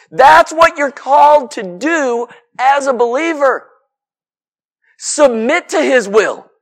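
Guy preaching a sermon, pretty high voice, folksy and direct, keeps stacking up lists. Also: fairly bright tone. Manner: emphatic, with rhetorical questions and repeated lists.

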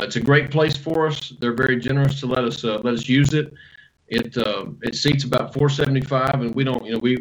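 A pastor, answering interview questions in a relaxed, storytelling way with self-deprecating humor. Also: male voice, medium pitch, a little hiss or hum, low-quality recording.

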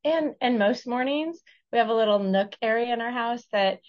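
A woman's voice: fairly high pitch, moderate pace, dull audio. A woman speaking as a podcast guest, gushing and laughing easily in casual conversation.

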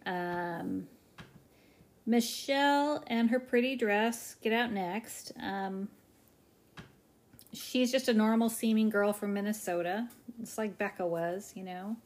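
A woman's voice: mid-range voice, darkish tone. Chatty woman recapping with a friend. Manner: chatty, acts out quoted voices with squealing exaggeration. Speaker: podcast host recapping a reality show. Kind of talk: casual chat.

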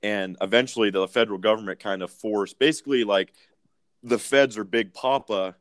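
Low-voiced young man, dry and close. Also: fairly even intonation, moderate pace, dry recording. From Idaho, US. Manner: loose, swearing, laughs at his own jokes. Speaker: podcast co-host. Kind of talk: casual chat.

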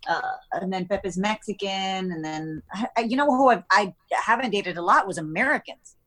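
Woman guest, mid-pitched, chatty, storytelling with voiced quotes. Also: normal speed, fairly bright tone. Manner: chatty, acts out her partner's lines in her stories. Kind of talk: casual chat.

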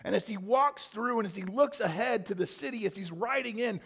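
A man preaching a sermon, swinging from quiet reflection to impassioned, near-shouted emphasis. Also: high-pitched, brisk, vocal fry, breathy edge. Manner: impassioned, rising to near-shouting when voicing scripture. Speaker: pastor.

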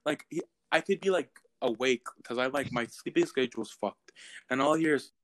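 A young man telling stories in a casual chat, animated and profane, often bursting into loud exclamations. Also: fairly high pitch, moderate pace, no echo.

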